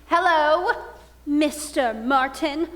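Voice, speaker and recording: A young woman playing a glamorous showgirl bride in a theatrical, drawn-out style, recorded in an auditorium. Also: high-pitched, a bit bright, slight background noise, heavily acted. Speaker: student actress. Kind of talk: stage musical performance. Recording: echoey auditorium with music.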